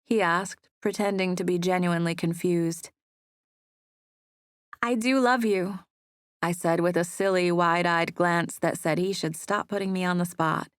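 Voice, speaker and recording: A woman narrating a first-person romance audiobook in a soft, intimate storytelling manner on a close studio mic. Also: fairly low pitch, flat delivery, moderate pace, few pauses, clean tone, no room sound.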